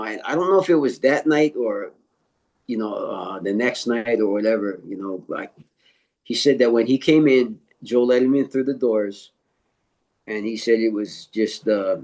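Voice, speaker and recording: Speaking low with a slightly mellow quality, this older man is a martial arts teacher giving an interview. He recounts a story in fits and starts, full of filler words and lines of quoted speech.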